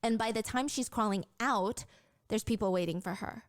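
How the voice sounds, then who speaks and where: A woman narrating a true-crime story in a calm, measured way. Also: a little high, no room sound, studio quality.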